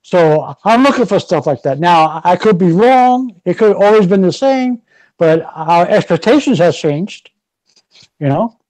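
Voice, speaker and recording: A man with a notably high voice hosting a loose podcast conversation. He talks excitedly, piling on "you know" fillers. The sound is close and dry, with no room echo. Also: unhurried. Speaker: podcast host. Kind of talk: casual podcast chat.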